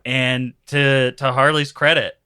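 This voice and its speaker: A man's voice: medium pitch, little pitch movement, slow, sharp tone, clean tone. A man chatting as a guest on a podcast, laughing often as he retells scenes. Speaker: comedian guest. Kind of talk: casual podcast chat.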